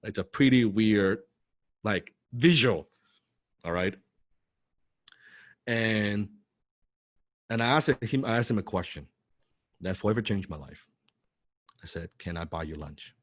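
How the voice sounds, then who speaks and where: A man with a fairly low voice tells a story in an animated, excitable way. He often stumbles over repeated words and swears for emphasis. The recording is dry and close, with no room sound. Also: slow, pauses often, no room sound. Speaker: business coach telling a personal story.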